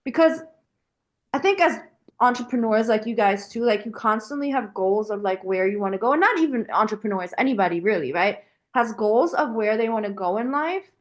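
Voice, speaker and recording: Animated woman, bright higher voice. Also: brisk. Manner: animated, frequent "like" fillers. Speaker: podcast guest, business founder. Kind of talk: casual conversational interview.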